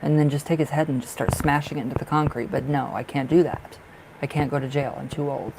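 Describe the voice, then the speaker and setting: A man's voice: mid-range voice, fairly even intonation, fairly quick, creaky, noisy background. A man giving a live-streamed tarot reading, talking in a rambling, emphatic way with many fillers and blunt, salty language. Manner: blunt, swears freely. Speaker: tarot reader.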